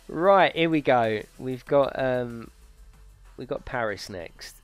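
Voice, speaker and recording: A man's voice: medium pitch, clear, resonant tone, no echo. A man streaming a racing game, chatting and joking with viewers and swearing freely over game music. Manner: banters with chat, swears freely. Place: home gaming setup.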